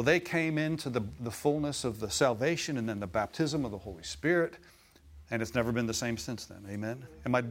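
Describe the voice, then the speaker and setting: Storytelling preacher, warm emphatic man. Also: mid-range voice. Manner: storytelling, rising to emphatic exclamations. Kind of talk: sermon.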